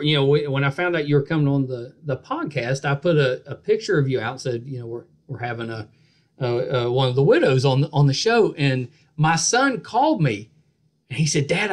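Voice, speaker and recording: Chatty man, lively pitch. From West Virginia. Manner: chatty, laughs often, repeats words. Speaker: podcast host. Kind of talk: casual interview chat.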